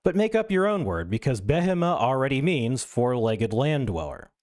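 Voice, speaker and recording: A man's voice: medium pitch, very animated, normal speed, darkish tone, lightly acted. A man voicing an irritated ancient king who scoffs and sounds exasperated, read aloud within an essay.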